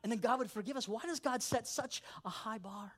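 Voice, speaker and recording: A man, a pastor, preaching a sermon with animated storytelling, dropping into low asides and rising for emphatic points. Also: brisk.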